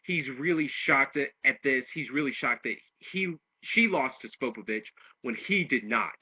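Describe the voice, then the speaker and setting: Recapping and reviewing an anime episode, a man rambles through the plot, restarting his sentences and acting out the quoted lines. His mid-range voice has lively intonation at a moderate pace, with slight background noise on a dull lo-fi home recording.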